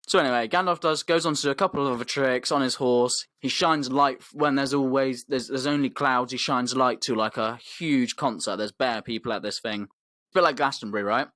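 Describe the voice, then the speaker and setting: A man's voice: medium pitch, fairly quick, a bit bright, dry recording, clean studio sound. Rambling guy with laddish slang. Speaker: podcast host. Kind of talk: comedic storytelling.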